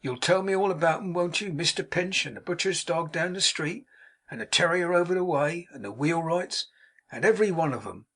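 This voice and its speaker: Brief: a man playing a jolly, husky-voiced young manservant, broad country speech, storybook. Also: on the high side, brisk, fairly bright tone, voice pushed up. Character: cheerful, hearty young manservant back from abroad.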